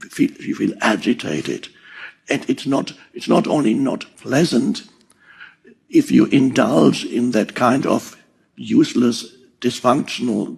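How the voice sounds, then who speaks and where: An older man giving a slow, reflective spiritual talk, pausing often and chuckling softly. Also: medium pitch, gravelly, breathy edge. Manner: slow and deliberate, with soft chuckles. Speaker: spiritual teacher.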